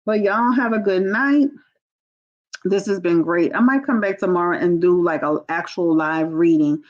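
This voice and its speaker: A woman's voice: lowish voice, moderate pace, dull audio. A woman hosting a tarot livestream, talking to her viewers in a blunt, candid, casual way and calling them y'all. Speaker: tarot reader and livestream host.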